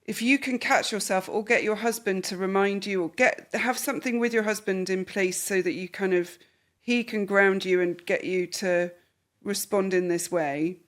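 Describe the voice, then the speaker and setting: A woman's voice: medium pitch, moderate pace. A woman counsellor hosting a podcast, talking a client through a coaching session and acting out the voices of the people she quotes. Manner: animated, acts out quoted voices. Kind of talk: therapy session conversation.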